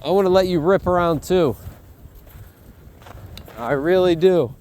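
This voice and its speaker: A man's voice: high-pitched, a little slow, a little mellow. A man working as a dog trainer outdoors in a field, talking casually and praising the dog in an upbeat, cheerful voice.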